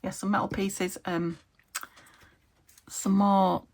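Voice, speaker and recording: A woman's voice: fairly low pitch, slow, vocal fry, slightly rough. A woman from the UK chatting casually to her viewers while she crafts at her desk at home, talking to herself and hunting for words. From United Kingdom. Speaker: craft vlogger.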